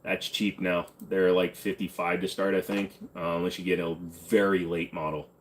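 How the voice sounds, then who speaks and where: A man's voice: low voice, level tone, normal speed, slight background noise. A man hosting a live stream, answering chat questions in a blunt, offhand, casual way. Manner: blunt, offhand, hums and sings snippets between questions.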